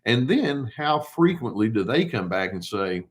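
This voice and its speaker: An older male therapist giving casual advice, calm and unhurried, who poses rhetorical questions and answers them himself. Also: mid-range voice. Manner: acts out short quoted replies in a mock tone.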